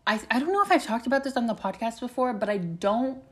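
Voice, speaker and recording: A woman's voice: on the high side, expressive, fast. A young woman hosting a solo podcast, talking in a loose, rambling way and swearing freely as she opens up. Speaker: podcast host. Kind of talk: candid solo podcast chat.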